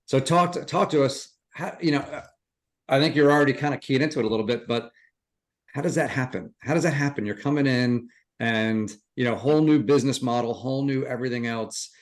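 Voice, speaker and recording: Man, interview host, mid pitch, rambling, restarts often, encouraging. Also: fairly even intonation, fairly quick. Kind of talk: casual interview questions.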